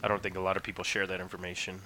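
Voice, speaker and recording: A man's voice: low voice, level tone, racing, pushed and bright. A man chatting casually with friends on a podcast, matter-of-fact and questioning. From Canada. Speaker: podcast guest. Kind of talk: casual chat among friends.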